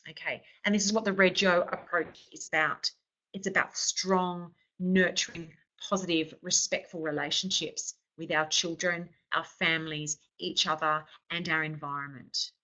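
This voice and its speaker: A woman's voice: on the low side, steady tone, moderate pace, bright, forceful tone. A woman giving an instructional lecture as an early childhood trainer, explaining points and often checking in with "okay".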